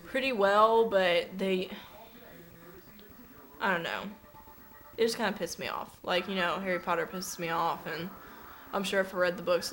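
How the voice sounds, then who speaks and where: A woman's voice: mid-range voice, fairly bright tone, slight background noise, poor audio. A young woman at home, casually ranting and rambling to a webcam with lots of fillers, swearing and dramatic asides. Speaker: vlogger. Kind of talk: casual ranting vlog to a friend.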